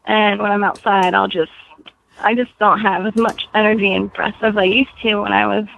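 Brief: young woman in her twenties, short of breath, gravelly fry, dull lo-fi sound. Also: mid-range voice, little pitch movement, moderate pace, a bit bright, a little hiss or hum. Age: 20s. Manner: chatty, laughs often, restarts. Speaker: guest author. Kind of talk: casual podcast interview. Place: home in Florida. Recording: dull lo-fi audio.

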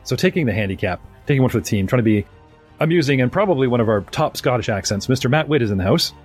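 A man's voice: mid-range voice, expressive, fast, slightly rough, faint music behind. A man hosting a live-streamed tabletop game, chatty and rambling as he introduces his players. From North America. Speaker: game master and podcast host.

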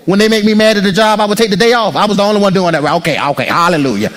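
A male pastor preaching an animated sermon, joking with the congregation and acting out people's inner voices. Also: sits high, rapid-fire, few pauses, faint music behind. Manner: jokes and teases the congregation.

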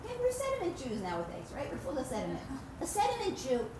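A woman giving a religious talk to women, telling a story with emphatic, animated delivery. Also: high-pitched, quick pace, noisy background. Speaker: speaker addressing women.

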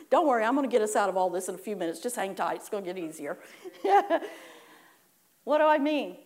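A woman's voice: medium pitch, lively intonation, fairly quick, long pauses, darkish tone. A woman preaching a sermon in a chatty way, acting out complaining churchgoers and laughing at her own asides.

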